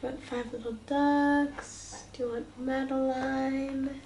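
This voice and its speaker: Woman, parent, reading picture book aloud to toddler, playful animal noises, unhurried, echoey room, distant mic. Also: high-pitched, level tone, darkish tone, a little hiss or hum. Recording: roomy home recording from a distance.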